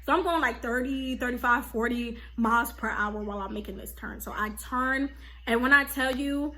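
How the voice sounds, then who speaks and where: A young woman vlogger telling a casual storytime, animated and slangy, full of "like" and "okay?". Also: a little high, normal speed.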